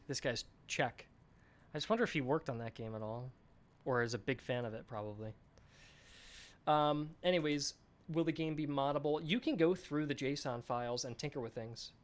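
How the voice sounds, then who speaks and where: A man's voice: mid-range voice, moderate pace. Chatty man hosting a dev stream. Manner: reads viewer chat aloud and answers it off the cuff; enthusiastic, chatty. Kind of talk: casual live-stream chat.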